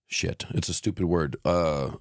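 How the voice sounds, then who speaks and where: A man in his thirties with an extremely low, deep voice chats on a podcast. He talks in a loose, halting way, restarting sentences and hunting for words, with casual swearing. The sound is dry and close, with no room echo. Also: vocal fry. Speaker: podcast co-host. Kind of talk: casual conversation.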